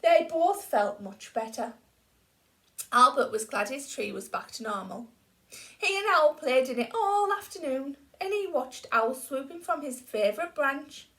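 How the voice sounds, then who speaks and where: A woman's voice that sits high belongs to a teacher reading a children's picture book aloud. Her storytelling is slow and expressive, falling to a hush at quiet moments.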